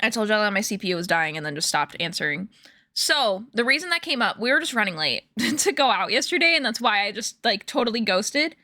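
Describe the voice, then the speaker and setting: A woman's voice: mid-range voice, sing-song, fairly quick, sharp tone, no echo, studio quality. A young woman streaming from home, chatting casually to her viewers in a rambling way with lots of fillers. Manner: chatty, rambling storytelling with many fillers and laughs. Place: home room.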